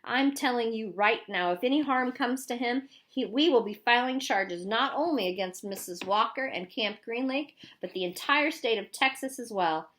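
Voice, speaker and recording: A woman reading an audiobook voices a short, fierce Hispanic female lawyer with a slight Mexican accent and trilled R's, talking in a forceful, indignant way. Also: on the high side, animated, moderate pace, hardly any pauses, pitched above the performer's own voice.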